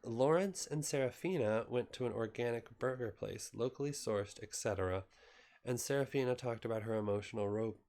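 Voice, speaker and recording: Relaxed man reading a novel aloud. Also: lowish voice. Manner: relaxed, unpolished, stops to recap in his own words. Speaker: amateur reader.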